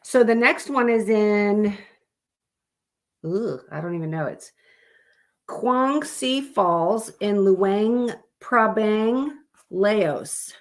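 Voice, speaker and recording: Lady rambling on a live stream, lots of ums and restarts, mid pitch. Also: lively intonation, drawn-out words. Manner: chatty, rambling, with fillers and self-corrections. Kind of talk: casual live stream chat.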